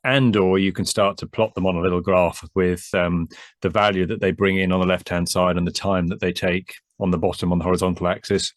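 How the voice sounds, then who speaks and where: A man's voice: deep voice, level tone, brisk, no room sound, studio quality. A man co-hosting a business advice discussion, speaking conversationally and prompting with questions. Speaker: business advisor and co-host.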